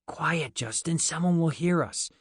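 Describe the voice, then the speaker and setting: A man voicing a nervous young man who speaks in a hushed, worried way. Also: on the high side, measured pace, breathy edge, dry recording, studio quality, pitched above the performer's own voice.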